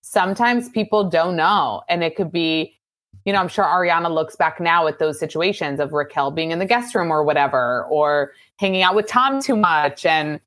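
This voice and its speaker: Chatty woman guest, lower voice. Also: a bit bright. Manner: chatty, quick questions, lots of "like" and "you know". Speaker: podcast guest and fellow podcaster. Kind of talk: casual chat.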